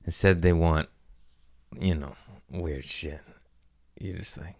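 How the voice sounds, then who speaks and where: A man's voice: sits low, slow pace, pauses often. A young adult man hosting a comedy podcast, rambling through crude jokes and laughing at himself. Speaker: podcast host. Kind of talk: casual comedic monologue.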